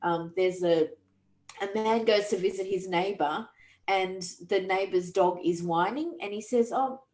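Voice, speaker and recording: A woman's voice: medium pitch, unhurried, a little mellow. A woman, a podcast host and coach, talking earnestly and reflectively with frequent restarts. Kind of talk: conversational coaching talk. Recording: roomy echo.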